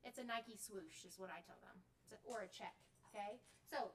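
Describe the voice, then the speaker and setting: A woman's voice: fairly high pitch, animated, normal speed, fairly bright tone, distant mic, a little hiss or hum. A middle-aged woman leading a live workshop demonstration, explaining step by step and checking in with "okay?" and "right?" after each point. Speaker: clinician teaching band directors. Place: workshop room. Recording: voice from off the mic.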